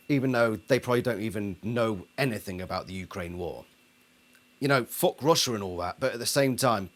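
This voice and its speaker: Indignant man ranting, animated. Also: on the low side. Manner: indignant, sarcastic, mocks others in put-on voices. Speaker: album reviewer. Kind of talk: ranting video monologue.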